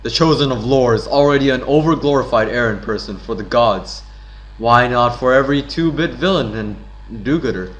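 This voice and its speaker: A man's voice: medium pitch, normal speed, fairly bright tone, natural voice, rough recording. A man reading aloud as a scornful, condescending villain scientist in a game. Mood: sneering. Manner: sneering and condescending.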